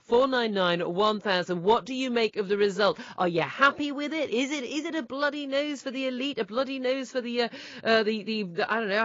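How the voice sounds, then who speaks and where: A woman hosts a live radio talk show, questioning guests and talking to listeners in a brisk, direct, chatty way. Her voice is close and dry, with the slightly dull sound of broadcast audio. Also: a little high, fairly bright tone, dry recording. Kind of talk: live radio interview and presenting.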